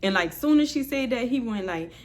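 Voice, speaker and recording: A woman's voice: on the high side, fairly quick. New woman telling her story. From New Orleans, USA. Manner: candid, expressive retelling, heavy use of "like". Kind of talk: storytime vlog.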